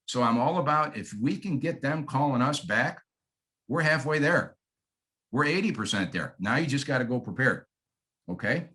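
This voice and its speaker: A man's voice: medium pitch, lively intonation, normal speed, pushed and bright, low-quality recording. A man in his fifties from Michigan, with a Michigan accent, giving a folksy, emphatic sales training talk and checking in with "okay?". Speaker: real estate trainer.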